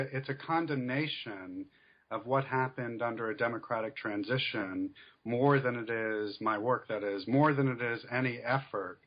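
A male author answering interview questions in a measured, explanatory way with frequent fillers. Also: on the low side, muffled recording. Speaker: author guest.

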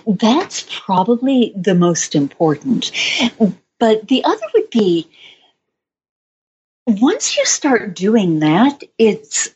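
Slow, husky-voiced woman author. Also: medium pitch, sing-song, muffled recording. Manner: reflective, measured, with soft laughs. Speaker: author being interviewed. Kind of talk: thoughtful interview answers.

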